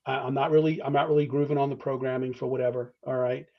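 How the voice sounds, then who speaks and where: Discussing fraternity membership as a podcast interview guest, a man speaks quickly at medium pitch with little pitch movement. He's earnest and conversational, restarting phrases often, acting out phone calls, and checking in with "all right?". The highs are cut off in the recording.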